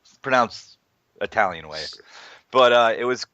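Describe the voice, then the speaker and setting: A man's voice: mid-range voice, expressive, unhurried, sharp tone, no echo. A man co-hosting a gaming podcast, rambling loosely and swearing freely in casual chat. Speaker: podcast co-host. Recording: slightly dull, dry lo-fi sound.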